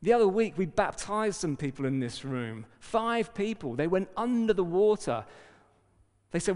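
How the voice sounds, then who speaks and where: A man preaching a sermon as pastor, lively and emphatic, with joking asides. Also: high voice, normal speed. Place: church hall. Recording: long reverb of a hall.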